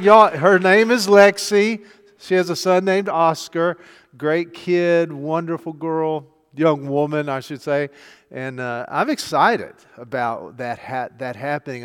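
A man's voice: a little high, fairly bright tone, clean tone. An older man, a pastor, preaching a chatty sermon full of rhetorical questions. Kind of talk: conversational sermon. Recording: long hall reverb.

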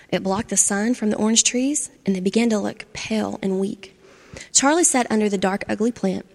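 Gravelly woman reading a children's story. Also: mid-range voice. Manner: expressive children's-story narration. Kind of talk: storybook read-aloud. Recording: long hall reverb.

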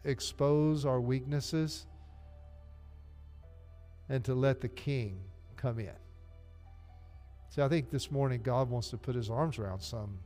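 Southern pastor preaching in a reverberant church. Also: male voice, mid-range voice, mellow. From Arkansas. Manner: earnest, direct, addresses the congregation. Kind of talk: sermon. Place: church sanctuary. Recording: long hall reverb, faint music. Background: faint music.

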